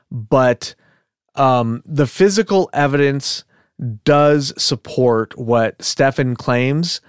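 A man's voice: medium pitch, smooth, dry recording, studio quality. A man hosting a podcast in casual, rambling chat, laughing often. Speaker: podcast host.

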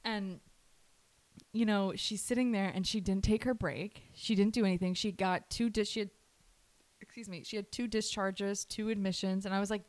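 A woman's voice: medium pitch, fairly even intonation, moderate pace. A woman in her twenties, co-hosting a casual podcast chat, talking in a chatty way with swearing and laughs. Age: 20s. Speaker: podcast co-host.

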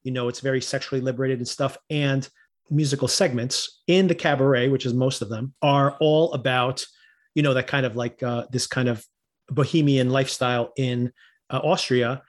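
A man's voice: mid-range voice, fairly even intonation, normal speed. Rambling man recapping TV. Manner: rambling, laughs often, many restarts. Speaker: podcast co-host. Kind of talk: casual TV recap chat.

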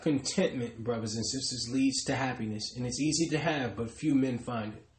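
A man's voice: medium pitch, normal speed, reverberant. A man preaching a sermon, stressing his points and calling out to the congregation again and again. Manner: emphatic, repeatedly addresses the congregation.

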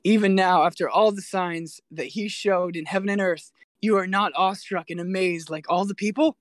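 A man's voice: high voice, steady tone, moderate pace, no room sound, studio quality, pitched above the performer's own voice, natural voice. A man reading the lines of a stern, accusing Roman governor in a formal, declamatory way.

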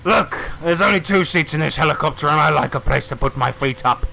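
A man's voice: fairly high pitch, brisk, creaky, sharp tone, a little hiss or hum. A man playing a gloating fat cyborg boss. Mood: taunting. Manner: taunting, gloating, crude. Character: fat foul-mouthed male cyborg corporate boss. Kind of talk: tabletop role-play character voice.

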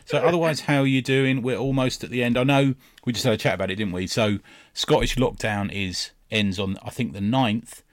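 A man's voice: medium pitch, a little fast, no echo, clean studio sound. A man hosting a comics podcast in casual, jokey chat, trailing off into fillers. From England. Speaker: podcast host.

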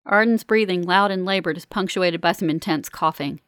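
Calm, low-voiced woman narrating. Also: moderate pace, few pauses, dry recording, clean studio sound. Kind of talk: first-person audiobook narration.

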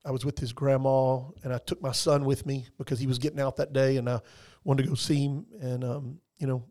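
A man's voice: medium pitch, flat delivery, a little fast, warm tone. A man, a guest talking earnestly in a casual conversation, heartfelt and rambling with many restarts and fillers.

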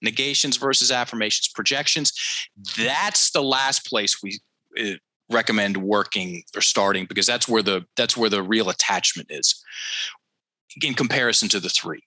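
A man's voice: on the low side, moderate pace, bright, forceful tone, no echo, poor audio. A man coaching on a headset mic, telling a client story in casual talk, acting out the quotes and often repeating himself.

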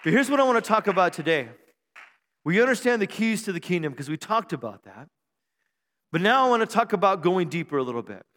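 A high-voiced male pastor preaches in a conversational, joking style, calling out to the congregation for responses. His voice rings with long reverb in the church sanctuary. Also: a bit bright. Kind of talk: sermon.

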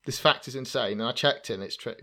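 A man's voice: mid-range voice, a little fast, pushed and bright. A man hosting a casual film discussion, chatty and jokey, with many fillers and restarts. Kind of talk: casual chat.

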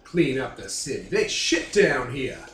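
A man's voice: medium pitch, very animated, a bit bright, voice pushed down. A man doing a sneering crocodile-man gang boss with a hillbilly drawl. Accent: put-on Louisiana hillbilly. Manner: taunting, drawn-out sneering delivery. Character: male crocodile-man sewer gang boss, menacing and scornful. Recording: roomy, distant mic with faint background noise.

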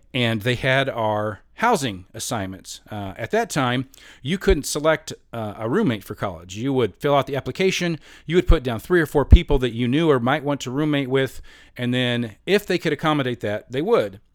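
A man's voice: medium pitch, lively intonation, a little fast, dry recording, clean studio sound. A man in his fifties telling a long personal story in a rambling, self-mocking way, often laughing as he talks.

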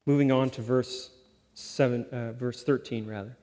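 A man's voice: medium pitch, steady tone, moderate pace, warm tone. A male pastor giving a conversational sermon, often checking in with the congregation. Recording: long reverb of a large hall.

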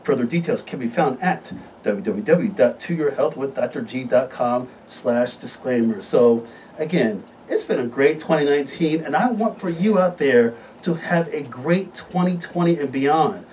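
Enthusiastic male health-show host, mid-pitched, a little distant from the mic with faint hiss. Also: lively intonation, moderate pace, darkish tone. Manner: upbeat, enthusiastic, promotional. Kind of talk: live studio talk show. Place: radio studio.

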